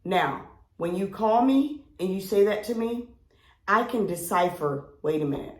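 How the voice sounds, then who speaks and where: A woman co-hosting a podcast, telling a long story in a loud, animated way, acting out her friends and swearing freely. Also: mid-range voice, measured pace. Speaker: podcast co-host. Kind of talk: casual chat. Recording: roomy echo.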